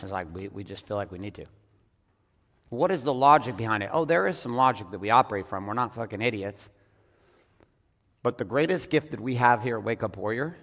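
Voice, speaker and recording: A man leading a business audience as a coach, talking bluntly and with lots of swearing, swinging between loud emphatic bursts and hushed, intense passages. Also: fairly low pitch, in a large hall. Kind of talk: profane motivational talk on stage.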